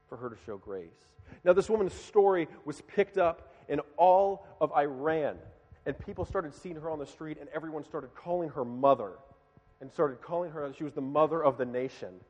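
Male preacher, slightly high voice, dramatic storyteller with loud-to-hushed swings, big reverberant hall. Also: muffled recording. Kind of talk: sermon storytelling.

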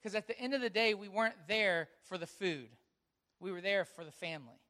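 A man, a pastor, preaching a sermon that opens with a lively personal story told through quoted dialogue. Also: sits high, brisk. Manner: storytelling, animated, quoting others in dialogue.

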